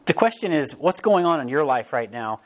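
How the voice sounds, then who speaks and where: A man preaching a sermon as pastor, in a casual, animated way, often restarting phrases and briefly acting out quotes. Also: a little high, a little fast. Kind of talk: conversational sermon.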